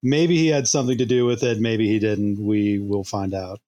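Low-voiced man, mock-serious. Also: steady tone, normal speed, warm tone, highs cut off. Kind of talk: casual comedic chat.

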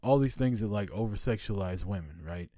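A man's voice: on the low side, fairly quick, no echo, clean studio sound. A middle-aged man co-hosting a casual podcast, talking bluntly and swearing freely. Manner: blunt, profane and animated. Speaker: podcast co-host. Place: home podcast studio.

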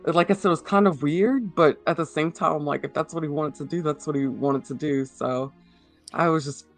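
A man giving a halting personal account in an interview, full of fillers and restarts. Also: a little high, soft background music.

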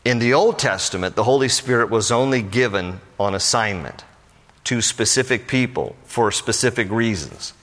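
A man preaching a sermon, reading scripture verses aloud and then explaining them in casual, animated speech with emphatic questions. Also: mid-range voice, normal speed. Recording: long hall reverb.

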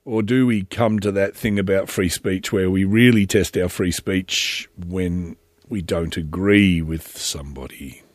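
Unhurried and speaking in a voice that sits low, a middle-aged podcast host meanders through solo commentary, sardonic in tone and sprinkled with jokey asides. The recording is dry.

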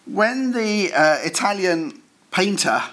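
A man preaching to a church congregation, talking casually rather than declaiming. His voice sits a little high, and he often pauses on fillers and restarts his sentences, with the odd joke at his own expense. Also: animated, fairly bright tone. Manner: conversational, self-deprecating asides with frequent fillers and restarts. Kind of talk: sermon. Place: church service.

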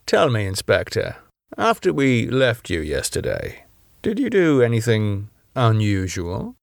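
A man's voice: lowish voice, wildly swooping pitch, unhurried, gravelly, no echo, clean studio sound, heavily acted. A man voicing a senior male police chief who speaks formally and probes with careful questions. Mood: probing.

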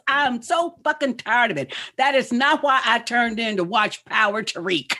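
A woman's voice: a little high, normal speed, few pauses, pushed and bright. A woman in a casual chat reviewing a show, blunt and profane, ranting in exasperation.

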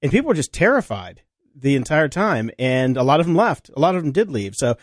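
A man co-hosting a podcast, chatting casually and chiming in with short, relaxed reactions. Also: on the high side, a little fast, no echo, clean studio sound. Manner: easygoing, chimes in with short reactions. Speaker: podcast co-host.

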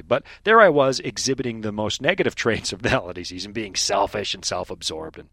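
Lively fast-talking man hosting radio. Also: on the low side, no room sound. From Canada. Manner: animated storyteller, quick and lively. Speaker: radio host. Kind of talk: casual radio chat.

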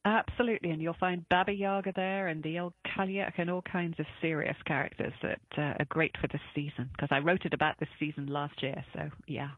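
A woman's voice: sits low, steady tone, fairly quick, hardly any pauses, no echo. A woman author speaking thoughtfully and earnestly as an interview guest over a remote call. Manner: thoughtful, earnest, with soft laughs. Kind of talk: reflective interview answers. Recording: tinny phone-like line.

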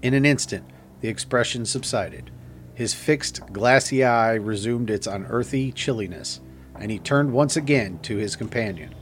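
A man narrating a gothic tale as an audiobook in a measured, grave manner. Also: medium pitch, faint music behind.

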